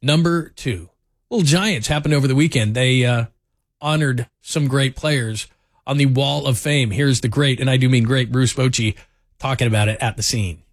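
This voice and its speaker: A man's voice: medium pitch, moderate pace. A man hosting a sports talk radio show, telling stories in a chatty way with lots of fillers. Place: radio studio. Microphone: studio microphone.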